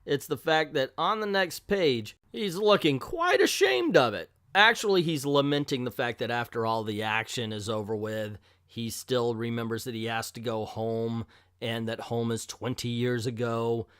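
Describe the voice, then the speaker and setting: A man's voice: medium pitch, expressive, normal speed, fairly bright tone, clean tone, no echo, clean studio sound. A man casually reviewing an old comic book, joking irreverently and reading captions aloud.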